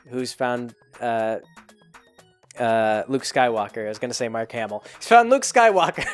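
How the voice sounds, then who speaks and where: A man's voice: fairly high pitch, clean tone. A young man casually recapping a movie in a rambling way, full of fillers and restarts. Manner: rambling, lots of fillers and self-corrections. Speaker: podcast host.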